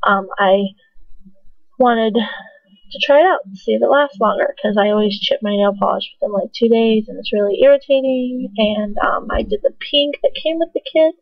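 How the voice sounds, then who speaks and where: A woman's voice: a little high, moderate pace, gravelly, no room sound. Chatty young woman on a tinny mic. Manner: chatty, filler-heavy, giggly and self-mocking. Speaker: vlogger. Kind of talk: casual rambling vlog. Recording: dry, tinny phone-like sound.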